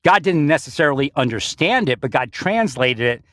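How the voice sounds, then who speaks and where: A man's voice: fairly high pitch, animated, brisk, a bit bright, no room sound, clean studio sound. A man giving a rambling spiritual monologue, often breaking into laughter and restarting his sentences. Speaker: spiritual speaker.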